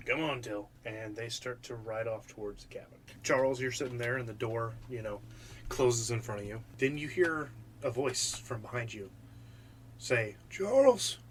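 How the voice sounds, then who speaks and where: A man narrating as game master of a tabletop game, relaxed and loose, with many fillers. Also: medium pitch, normal speed, a little hiss or hum.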